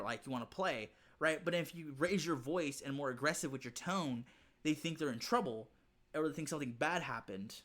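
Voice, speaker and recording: A man's voice: a little high, a bit bright. A man hosting a reaction video, talking in a casual, rambling way, repeating himself and swearing freely.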